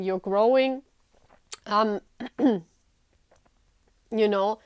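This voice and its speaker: A woman chats her way through a tarot reading, bubbly and quick to laugh. Her voice sits a little high and sounds smooth and clear. It is recorded close and dry, with no room sound around it. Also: no room sound. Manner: giggly, chatty, playful asides. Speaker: tarot reader. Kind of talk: casual tarot reading to viewers.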